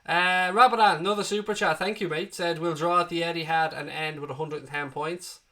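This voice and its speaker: A man's voice: on the high side, fairly even intonation, fairly quick, pushed and bright. A man in his twenties hosting a live football watchalong, reading viewer comments aloud with blunt, sweary banter. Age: 20s.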